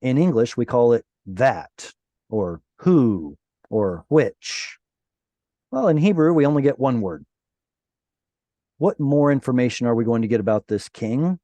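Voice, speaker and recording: Over a video call, a man gives an online Bible Hebrew lesson, patiently and playfully explaining grammar and quizzing his students as he goes. His medium-pitched, warm voice is animated and unhurried with frequent pauses, captured in a dry, lo-fi recording.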